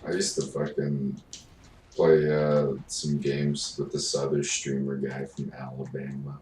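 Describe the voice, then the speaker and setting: A man's voice: extremely low pitch, monotone, a little slow, darkish tone. A young man chatting casually as a streamer, rambling and cursing in a laid-back way. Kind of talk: casual chat. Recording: roomy, distant mic, faint noise.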